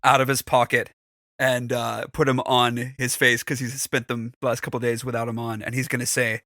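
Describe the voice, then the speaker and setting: Man with a bright, forceful voice at a game table. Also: mid-range voice, little pitch movement, no room sound, clean studio sound. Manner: joking, quick to laugh. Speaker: player. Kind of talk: casual tabletop play.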